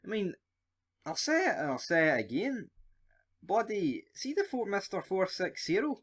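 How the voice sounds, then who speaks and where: A man's voice: fairly high pitch, very animated, moderate pace, fairly bright tone. A man with a Scottish accent giving a casual, sweary, rambling monologue of football predictions for his vlog. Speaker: football fan vlogger.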